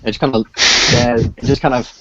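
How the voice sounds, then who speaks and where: A man serving as dungeon master, narrating the action in a halting way with many filler sounds. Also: mid-range voice, level tone, no echo. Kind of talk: narrating a tabletop game. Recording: dull lo-fi audio.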